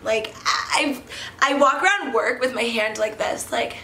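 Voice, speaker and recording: A woman's voice: on the high side, expressive, a little slow, pushed and bright. A woman in her twenties chatting casually to camera in a giddy, rambling way, full of "like" and laughter, as a wine review vlogger. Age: 20s. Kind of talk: casual vlog chat. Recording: echoey room with faint background noise.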